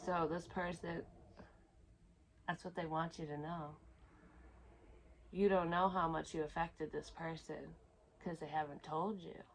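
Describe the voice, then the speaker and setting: A woman's voice: low voice, fairly even intonation, unhurried, long pauses, poor audio. A woman giving a psychic reading to her viewers in a casual, rambling flow, candid and full of swearing. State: close to tears at times. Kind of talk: casual intuitive reading to camera.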